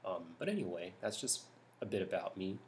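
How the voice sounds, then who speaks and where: Soft-spoken deep-voiced young man. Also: lively intonation, fairly quick, a little hiss or hum. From California, United States. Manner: hushed, speaking softly; rambling with many ums and restarts. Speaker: YouTuber. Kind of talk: soft-spoken vlog talk. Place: home at night.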